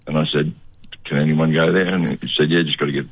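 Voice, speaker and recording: An older Australian actor, a man, telling stories in a relaxed, laconic way during a radio interview. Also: very deep voice, fast talker, breathy edge, no room sound, phone-quality sound. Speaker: actor guest.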